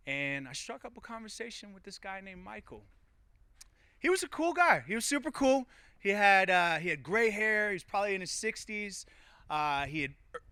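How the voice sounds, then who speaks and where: Bright-voiced joking man storyteller. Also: fairly high pitch, no echo. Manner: joking, conversational, playful with the crowd. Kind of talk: live storytelling.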